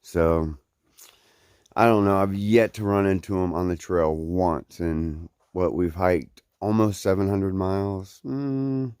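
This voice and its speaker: A man's voice: low voice, steady tone, slow, darkish tone, clear, resonant tone, no echo, clean studio sound. A young man, chatting in a rambling, laid-back way in a trail vlog, full of fillers and laughs, recorded outdoors on a handheld camera. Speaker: hiker vlogging his trail days. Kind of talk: casual trail vlog chat.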